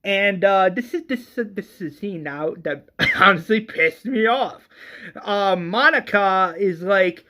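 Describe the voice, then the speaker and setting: Movie reviewer, slow-paced rant, exasperated and excitable, frequent restarts, casual swearing. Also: medium pitch.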